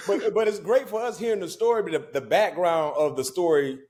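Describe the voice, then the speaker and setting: A man's voice: high voice, brisk, darkish tone. A man co-hosting a talk show, speaking loosely and conversationally in casual chat. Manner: loose, conversational, trails off into filler. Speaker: podcast co-host.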